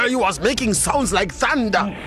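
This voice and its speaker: A woman with a South African accent telling a folk tale in a playful way, laughing along as she goes. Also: medium pitch. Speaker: storyteller. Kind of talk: oral storytelling.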